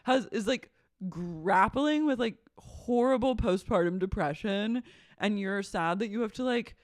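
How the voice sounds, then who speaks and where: A podcast co-host recapping a reality show in casual chat. They talk fast and animatedly, with lots of "like". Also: mid-range voice, dry recording, clean studio sound. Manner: fast, animated, with heavy filler "like".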